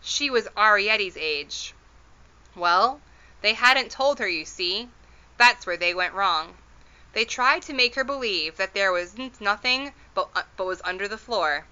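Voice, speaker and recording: A woman's voice: medium pitch, lively intonation, a little slow, sharp tone, smooth, lo-fi sound. A woman voicing an elderly tiny borrower father who speaks in rustic, ungrammatical phrases in a storybook read-aloud. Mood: explaining. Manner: rustic ungrammatical speech, rambling and reassuring.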